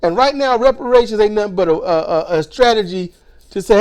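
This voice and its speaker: A man in his forties ranting a profane, sarcastic political monologue, his voice strained and hoarse, mocking others in put-on voices. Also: high-pitched, expressive, brisk, darkish tone. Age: 40s. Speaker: political commentary vlogger.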